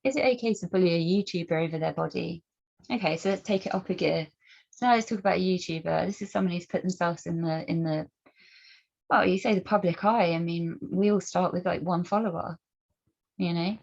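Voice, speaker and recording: A woman's voice: on the low side, brisk, vocal fry, darkish tone. A woman speaking earnestly to camera as a campaigner, asking pointed rhetorical questions and often restarting her sentences. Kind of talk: personal commentary and storytelling. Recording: dull lo-fi recording.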